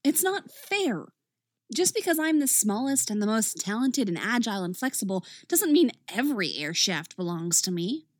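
A woman's voice: on the high side, sing-song, moderate pace, dry recording, studio quality. A woman reading a story aloud, voicing a small young female thief who complains petulantly. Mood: whiny.

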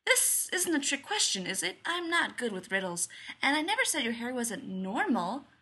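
A woman's voice: fairly high pitch, big pitch swings, normal speed, pushed and bright, slightly rough, exaggerated voice. A woman voicing a cheerful, earnest young man from a fairy tale who talks in a polite, old-fashioned, chatty way. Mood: wondering.

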